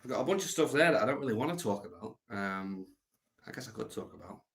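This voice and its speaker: A man rambling on his live stream, deadpan and meandering, with lots of ums and trailing thoughts. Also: mid-range voice, quick pace, gravelly. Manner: meandering and deadpan, heavy with fillers.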